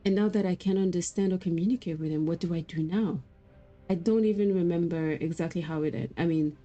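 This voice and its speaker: A woman's voice: fairly low pitch, mellow, low-quality recording. A woman streaming a game, chatting casually and telling rambling stories with frequent laughs. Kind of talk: casual gameplay chat.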